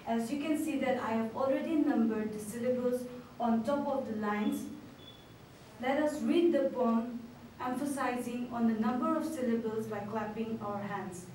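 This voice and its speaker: Lady teacher doing a class video, kinda high voice, careful slow words, faint background hum. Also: darkish tone. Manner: slow, clear, syllable-stressing delivery. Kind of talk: online class lesson. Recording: echoey room from far off.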